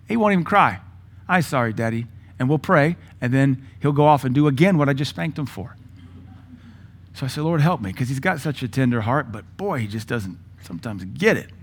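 A man's voice: a little high, husky. A man in his thirties preaching a sermon in a blunt, folksy way, acting out his children's voices. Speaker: pastor.

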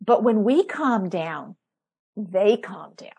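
Chatty, slightly husky woman host. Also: mid-range voice, sing-song, slow, darkish tone. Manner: chatty storyteller, laughs often, mimics her own past exclamations. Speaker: podcast host. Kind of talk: casual chat.

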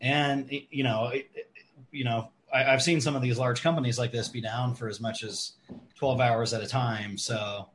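A man's voice: mid-range voice, steady tone, normal speed, a bit bright, slight background noise. A man co-hosting a podcast in casual chat, hesitant and full of fillers. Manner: hesitant, lots of fillers and restarts.

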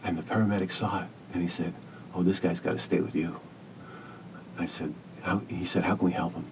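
A man who works as a hospice caregiver, telling a story as a podcast guest in an earnest, gentle, measured way. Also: deep voice, fairly even intonation, vocal fry, distant mic, a little hiss or hum. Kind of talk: reflective storytelling interview.

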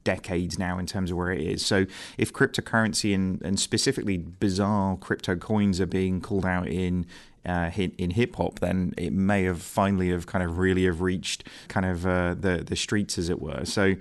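A man co-hosts a news podcast in loose, casual talk. His voice sits very low. He rambles, hedges, and leans on fillers as he works through a point. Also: flat delivery, normal speed. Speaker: podcast co-host.

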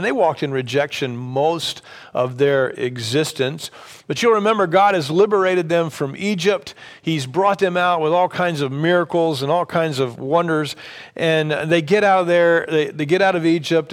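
A man preaching a sermon in a conversational way, reading scripture and explaining it with many fillers and restarts. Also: a little high. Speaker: pastor.

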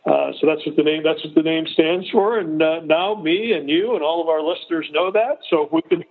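A man's voice: a little high, fairly quick. A man in his fifties, a guest on a casual interview, explaining at length with frequent restarts. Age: 50s. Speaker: golf company executive guest. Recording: tinny phone line.

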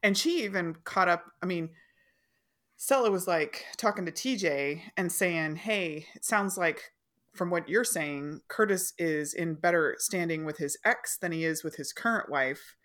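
A woman's voice: on the low side, unhurried, a bit bright. A woman co-hosting a casual podcast, wry and laughing often as she reads out her notes on the episodes. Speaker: podcast co-host. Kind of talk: casual chat recap.

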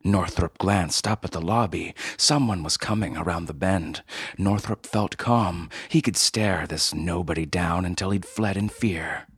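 Deep husky male narrator. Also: dry recording. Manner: measured, dramatic reading. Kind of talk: scripted story narration.

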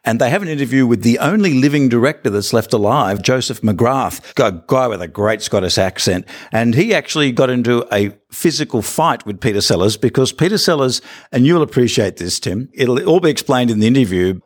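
A man's voice: medium pitch, lively intonation, fairly quick. An Australian man hosting a comedy podcast, eagerly telling stories and setting up jokes for his co-host. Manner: enthusiastic storytelling, feeds setups to his partner.

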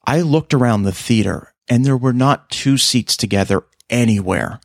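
A male podcast host in easy, casual conversation, telling stories with lots of animation. His voice sits at a middle pitch and rises sharply when he acts out other people. The recording is dry and close, with no room sound. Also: normal speed, vocal fry, no room sound. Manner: animated storyteller, voice jumps high for quoted lines. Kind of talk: casual chat.

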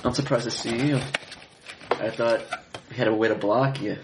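A man plays his character in a tabletop game and answers in short, dry, wry lines. He is recorded in an echoey room with clear noise underneath. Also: mid-range voice, steady tone, normal speed. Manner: dry, terse and wry replies. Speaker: player.

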